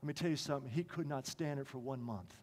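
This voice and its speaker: A man preaching a sermon with passion, swinging from emphatic lines to quiet ones. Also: mid-range voice, fast talker. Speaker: pastor. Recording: long reverb of a large hall.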